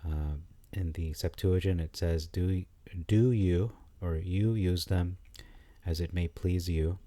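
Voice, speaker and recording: Man, low warm voice, casual study-style commentary, halting delivery. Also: fairly even intonation, no echo. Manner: thinking aloud, halting with frequent fillers and restarts. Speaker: scripture commentator.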